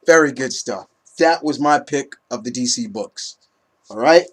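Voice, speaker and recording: A man giving a casual comic book review in an excitable, profane, ranting way. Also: mid-range voice, a little slow, slightly rough. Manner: excitable, swearing, animated rants.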